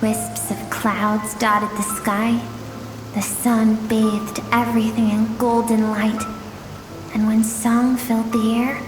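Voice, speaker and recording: A woman voicing a gentle female storyteller who recounts memories in slow, measured, wistful narration for a game cutscene. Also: medium pitch, close to an everyday voice. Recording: echoey hall sound over game music. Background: music.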